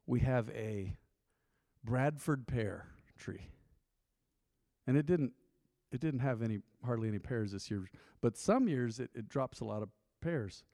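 A man's voice: medium pitch, warm tone, no room sound, clean studio sound, in a large hall. A man preaching a sermon to a congregation in a folksy, conversational way, often slipping into quoted asides. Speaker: pastor. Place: church sanctuary.

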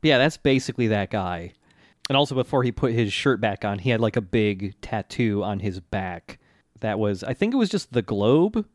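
A man's voice: fairly low pitch, big pitch swings, normal speed, no room sound. Dry-sounding man chatting casually. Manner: meandering, searching for words. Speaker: podcast co-host. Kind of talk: casual chat recapping an anime.

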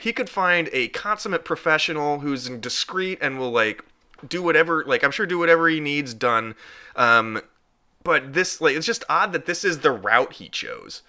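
A man's voice: on the high side, lively intonation, a little slow, pushed and bright. A man co-hosting a podcast in casual chat, rambling and joking, now and then slipping into goofy impressions. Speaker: podcast co-host.

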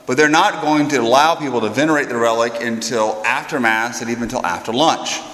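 A man, a priest, telling a funny anecdote with animated, self-deprecating energy and stumbling repeats, in an echoey hall. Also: medium pitch. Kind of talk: storytelling anecdote.

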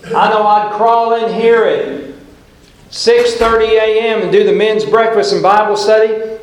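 A middle-aged male pastor preaching with a folksy, storytelling manner and dramatic pauses. His voice sits fairly high for a man, and the sound rings heavily around a big echoey church hall. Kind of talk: sermon. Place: church sanctuary.

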